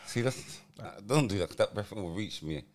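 A man's voice: on the low side, lively intonation, moderate pace. A man, co-hosting a podcast, teasing and swearing in casual chat. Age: 40s. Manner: teasing, swears, laughs often. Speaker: podcast co-host and comedian.

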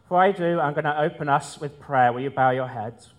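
A man's voice: fairly high pitch, fairly quick. A man preaching a sermon, explaining scripture in a conversational teaching manner with casual asides.

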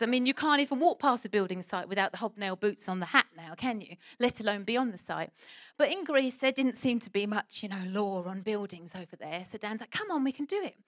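A woman preaching a sermon and telling a lively personal story, acting out what people said. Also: medium pitch, no echo. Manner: animated storytelling, acts out quoted voices.

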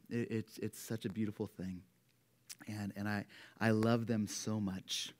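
A man in his thirties, a pastor giving a conversational sermon, earnest and warm, with a cough from a cold. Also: mid-range voice. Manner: earnest and warm, speaking about his children. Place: church sanctuary.

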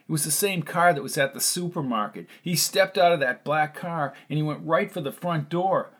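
A man reading a novel aloud as narrator, in a steady storytelling manner. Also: fairly high pitch, moderate pace. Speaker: audiobook narrator. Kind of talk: scripted narration.

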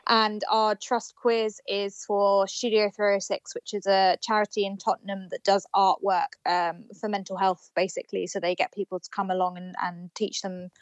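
A woman's voice: medium pitch, flat delivery, normal speed, few pauses, no room sound. A woman, speaking as a fan trust representative in a casual podcast chat, earnest and giggly with many fillers.

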